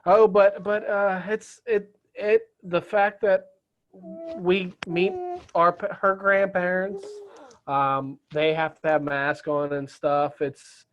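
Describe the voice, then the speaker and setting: A man's voice: high voice, flat delivery, slow, muffled recording. A young adult man chatting casually as a podcast guest, often restarting and repeating words. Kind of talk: casual chat.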